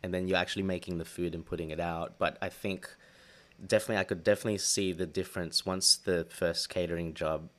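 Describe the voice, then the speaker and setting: A man's voice: low voice, fairly even intonation, fast. A man co-hosting a podcast, talking casually in a playful, rambling way with frequent restarts. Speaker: podcast co-host. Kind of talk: casual chat.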